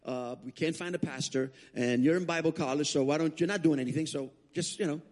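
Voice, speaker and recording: Male guest preacher, sermon testimony, fairly high voice, animated storytelling, restarts. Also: fairly quick.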